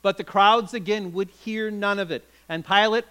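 A man's voice: high voice, steady tone, normal speed, fairly bright tone, clean tone, rough recording. A man preaching a sermon, retelling a story with dramatic, emphatic delivery.

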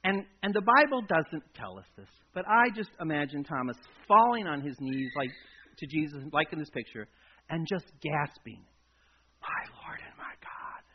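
A man preaching a sermon as a pastor, telling the story dramatically and swinging between loud emphasis and a near-hush. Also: a little high, very animated, normal speed, slightly rough. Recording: dull lo-fi recording.

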